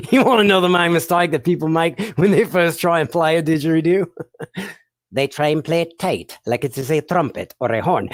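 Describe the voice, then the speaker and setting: This children's educational show host speaks at medium pitch and a moderate pace, with no room sound. The delivery is playful and encouraging, full of laughter and direct questions to the audience.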